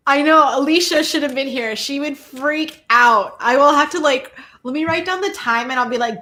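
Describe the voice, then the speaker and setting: Excitable woman host, lightly higher voice. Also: moderate pace. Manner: excitable, gushing, laughs often. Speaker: host giving tarot readings. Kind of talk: casual live-stream chat.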